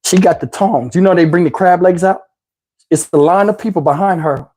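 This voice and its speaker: A man hosting his channel, telling a comic story in an animated, profane way and acting out the other voices. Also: high voice, brisk. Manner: animated, profane, acts out every voice. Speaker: channel host.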